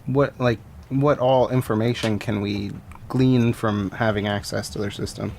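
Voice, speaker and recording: A man's voice: lowish voice, fairly even intonation, measured pace, gravelly, a little mellow, a little hiss or hum. A man playing in a tabletop game, chatting casually and teasing the others. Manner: laughing, teasing. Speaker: player.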